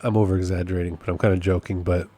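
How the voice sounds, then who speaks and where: Very fast and low-pitched, with a flat delivery and a dark tone, this man runs a solo podcast update in an offhand way. The process server wanders through his thoughts, chuckles at his own remarks, and circles back to the same points.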